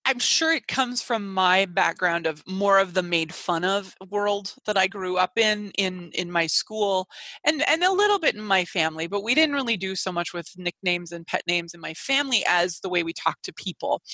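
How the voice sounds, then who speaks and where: A woman co-hosting a casual chat show, animated and quick to laugh, often restarting her sentences. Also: mid-range voice, dry recording, poor audio. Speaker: podcast co-host.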